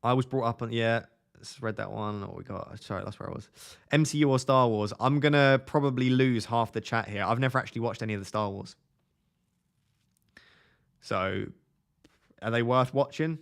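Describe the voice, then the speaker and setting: Young male streamer, mid-pitched, casual and chatty, answers live chat. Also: moderate pace, creaky, pauses often, clean tone. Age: 20s. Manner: chatty, reads viewer comments aloud and answers them.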